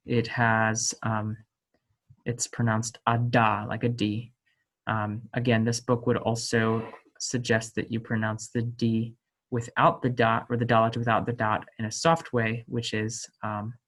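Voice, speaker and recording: Slow, hesitant male language teacher. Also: medium pitch, fairly bright tone. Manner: slow, hesitant, many ums and self-corrections; voices sample sounds with emphasis. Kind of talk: unscripted language lesson.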